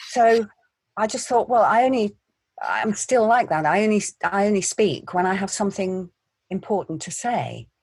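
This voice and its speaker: Actress, husky and low, measured delivery, dry close mic. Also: female voice, expressive, darkish tone, no echo. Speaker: actor. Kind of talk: interview answers.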